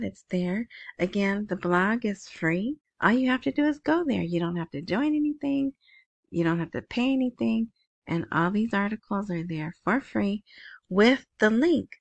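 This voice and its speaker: A woman's voice: mid-range voice, creaky, no echo. A woman hosting a currency news show, reading headlines aloud and adding chatty asides. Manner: chatty, reads headlines then comments with asides. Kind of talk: casual commentary reading news articles.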